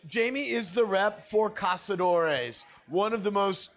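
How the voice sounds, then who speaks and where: A man's voice: high-pitched, lively intonation, unhurried, fairly bright tone. A man hosting a podcast event, asking questions and joking around in a playful, casual way. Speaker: podcast host. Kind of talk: casual hosted chat.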